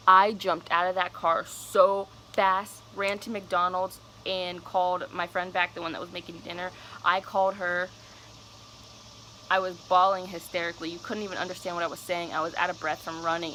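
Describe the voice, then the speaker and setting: A woman's voice: on the low side, bright, forceful tone, a little hiss or hum, poor audio. A young woman telling a personal story on her vlog, casual, candid and cursing freely. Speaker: vlogger.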